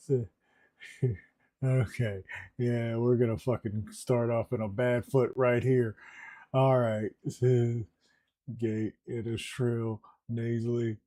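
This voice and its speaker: Slow, musing man on a live stream. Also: medium pitch, level tone, warm tone. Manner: musing, hesitant, trails off into mumbles; laughs between remarks. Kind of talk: casual thinking aloud on stream.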